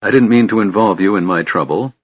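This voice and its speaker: A man's voice: on the low side, fairly quick, husky, dry recording. A man voicing an anguished young male elf, earnest and pleading, on a dull dry recording.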